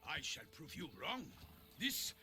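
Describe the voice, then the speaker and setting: An actor playing a proud, formal knight envoy in a video game, with a put-on French-sounding accent and courtly, earnest speech. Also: male voice, on the high side, very animated, measured pace, over music.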